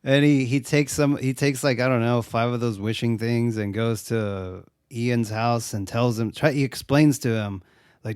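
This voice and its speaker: A man in casual podcast chat, recounting a film with a steady, mid-pitched voice and bursts of laughter. He swears freely and lifts his voice high to act out characters. The sound is dry and close to the mic. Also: normal speed, smooth, no echo. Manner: profane, laughing, acts out quotes in raised voice. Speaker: podcast co-host. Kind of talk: casual chat retelling a movie.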